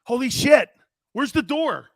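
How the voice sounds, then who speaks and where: Guy hosting a sports talk show, kinda high voice, jokey and rambly, keeps cracking himself up. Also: sing-song, measured pace, no echo, clean studio sound.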